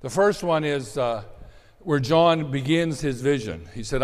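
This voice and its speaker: A man preaching a sermon in an animated way, dropping to soft asides and rising to shouted bursts. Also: mid-range voice, moderate pace. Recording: long hall reverb.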